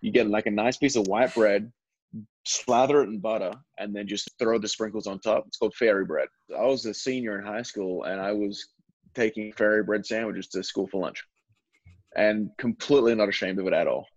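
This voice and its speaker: Low-voiced Australian man, rambling chat. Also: a little fast, no echo, muffled recording. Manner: rambling, full of fillers and restarts. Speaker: baseball relief pitcher, guest. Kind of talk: casual interview chat.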